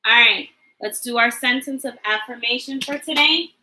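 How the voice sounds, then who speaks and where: A woman teacher leading a livestreamed lesson for young children, encouraging them and spelling out words slowly for them to repeat. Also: a little high, pushed and bright, rough recording.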